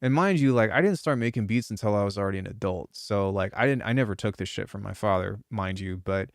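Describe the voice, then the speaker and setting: Fairly low in pitch and quick in pace, this man produces music and talks casually on a live stream. He rambles, curses freely and keeps restarting, all captured in a dry, clean studio recording.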